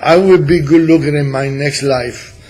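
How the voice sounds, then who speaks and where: A middle-aged man with a Cuban Spanish accent, hosting a radio talk show in casual chat, halting with many fillers. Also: on the high side, darkish tone, low-quality recording.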